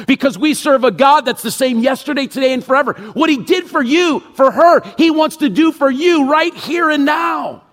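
A middle-aged man preaching a sermon as pastor, emphatic, acting out inner thoughts and dropping low and quiet for the Spirit's words. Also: moderate pace, hardly any pauses.

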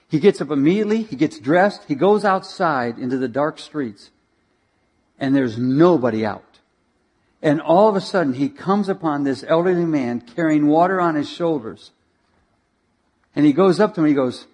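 A male preacher tells a story in a sermon, building drama as he goes. His voice sits slightly high, and he calls out for slides along the way. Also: normal speed. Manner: animated, dramatic storyteller who directs slides.

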